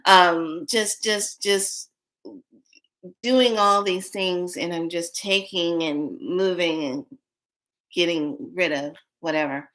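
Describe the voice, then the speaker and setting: A middle-aged woman with a low-pitched voice talks straight to her viewers. She tells a personal story in a loose, casual way, repeating words and restarting her sentences as she goes. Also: lively intonation, slow, a bit bright. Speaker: spiritual vlogger.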